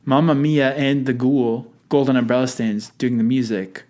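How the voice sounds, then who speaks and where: A man's voice: mid-range voice, steady tone, moderate pace, a little mellow. A man hosting a podcast in casual chat, rambling and joking as he introduces songs. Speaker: podcast host.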